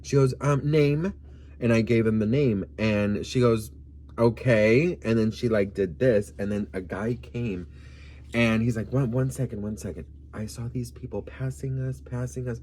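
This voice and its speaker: A man's voice: medium pitch, measured pace, darkish tone, slight background noise. A man of Colombian background from Miami, telling a gossipy story in a sassy, campy vlog style and calling the viewer "girl.". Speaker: vlogger.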